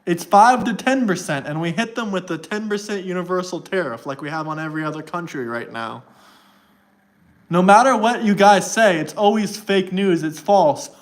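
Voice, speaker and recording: A livestreamer whose voice sits high speaks at normal speed while ranting at his chat. He's combative and mocking, and he reads text aloud to prove his point.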